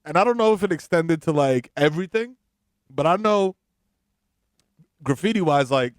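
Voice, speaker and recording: A man with a high voice riffs off his partner in a loose comedy podcast. He talks with lots of laughter and energy. The recording is dry and close, made at home. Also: clean tone, no room sound. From the Bronx, New York. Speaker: podcast co-host. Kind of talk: casual comedic chat.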